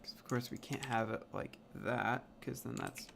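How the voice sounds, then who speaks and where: Slow, gravelly man thinking aloud. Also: mid-range voice, fairly even intonation, noisy background. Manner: muttering, sounding out made-up words over and over, swearing. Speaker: language creator. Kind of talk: thinking aloud while working.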